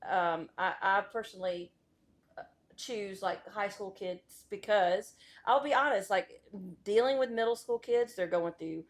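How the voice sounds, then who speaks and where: A woman's voice: mid-range voice, unhurried. A middle-aged woman, a school vice principal as a podcast guest, giving candid, emphatic opinions in easy conversation. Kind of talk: casual interview chat.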